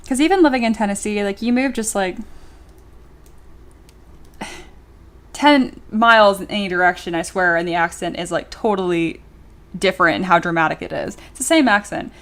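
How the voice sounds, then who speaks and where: While sculpting during a livestream, a young adult woman reads viewer comments aloud, giggling and chatting casually with frequent fillers. Her voice is mid-range and a bit bright.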